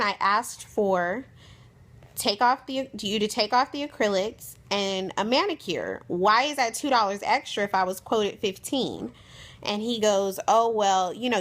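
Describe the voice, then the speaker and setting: A young woman vlogger telling a frustrated story in a casual, exasperated way, acting out the other people's lines as she goes. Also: a little high. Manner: exasperated, animated, retells exchanges in quoted voices.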